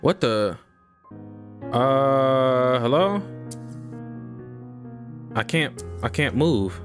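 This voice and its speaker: A man casually commenting as he plays a game, talking to himself and reacting loudly. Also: mid-range voice, animated, very slow. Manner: talks to himself, hums melodies, jumpy reactions. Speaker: streamer playing a game. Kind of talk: casual let's-play commentary. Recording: game music playing behind.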